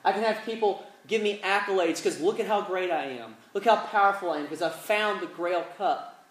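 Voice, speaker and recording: A man's voice: high voice, normal speed, pitched above the performer's own voice, close to an everyday voice. Casting: a man acting out a desperate adventurer hero, slightly raised voice, echoey hall. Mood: yearning. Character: Indiana Jones, adventurer grasping for glory.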